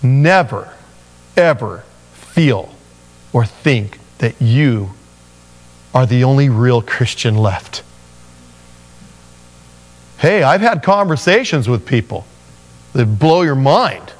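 A man preaching a sermon, telling Bible stories with animated voices for the characters. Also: mid-range voice, slow pace, long pauses, big-room sound. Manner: animated storytelling, acting out biblical figures in voices. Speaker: pastor.

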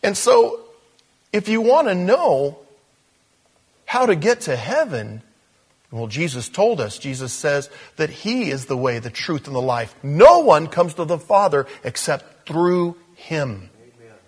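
A man preaching a sermon, a husky grain running through his voice. He sits a little higher than most men and talks to the congregation like a conversation, doubling back on phrases and breaking off into asides. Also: very animated, measured pace. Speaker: pastor.

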